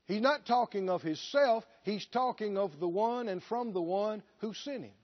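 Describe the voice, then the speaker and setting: A man's voice: high-pitched, animated, normal speed. A man preaching a sermon, pressing his points with emphatic rhetorical questions. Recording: dull lo-fi recording.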